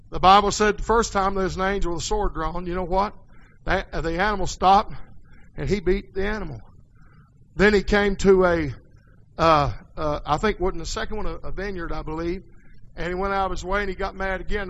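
A man preaching a folksy sermon in a church, dropping quiet and then rising to hollering. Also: high-pitched, rough recording.

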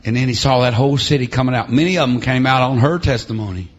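Over a PA in a church sanctuary, a middle-aged man preaches a revival sermon, fast and mid-range in voice. He swings between shouted preaching and quiet storytelling, dotting his lines with "uh, amen" and "huh?"

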